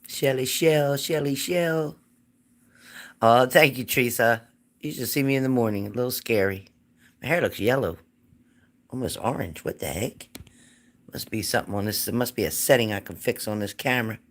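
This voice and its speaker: A woman's voice: extremely low pitch, moderate pace, pauses often. A woman hosting a live psychic reading stream, chatting casually and greeting viewers by name.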